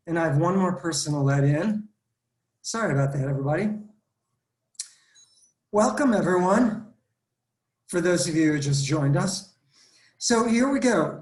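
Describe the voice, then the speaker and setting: A man's voice: a little high, expressive, moderate pace, a little mellow. A male fitness instructor leading a live online workout class, counting reps aloud and giving step-by-step cues over a video call. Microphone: video call computer mic. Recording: roomy echo.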